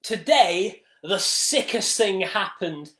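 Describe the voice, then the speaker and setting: A man's voice: high voice, expressive, slow, pushed and bright, echoey room. A man hosting a live stream, telling a story in a dramatic, exaggerated way. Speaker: livestream host. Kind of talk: casual storytelling monologue.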